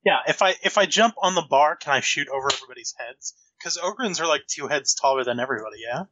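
A man's voice: a little high, animated, quick pace, dull audio, noisy background. A man playing a tabletop role-playing game, blunt and eager for a fight. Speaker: player.

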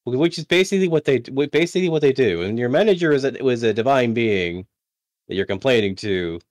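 A man's voice: medium pitch, expressive, fairly quick, dry recording. A man playing a tabletop game over voice chat, rambling, self-deprecating and often restarting his sentences. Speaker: player.

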